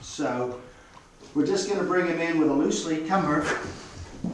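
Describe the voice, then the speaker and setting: A man's voice: a little high, measured pace, a little hiss or hum. Australian man dog trainer, echoey and distant. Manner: instructive, calm commands to dogs. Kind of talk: explaining while demonstrating. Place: studio. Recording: echoey room, mic at a distance.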